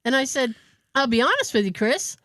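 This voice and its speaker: A woman's voice: high voice, brisk. A woman co-hosting a podcast, telling a story in casual chat and acting out what people said. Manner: animated storyteller acting out quoted dialogue. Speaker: podcast co-host.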